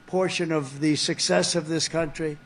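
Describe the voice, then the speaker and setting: High-voiced rambling man speechmaker. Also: fairly even intonation, normal speed, a crowd in the background. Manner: rambling, repetitive. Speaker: politician. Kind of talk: rally speech.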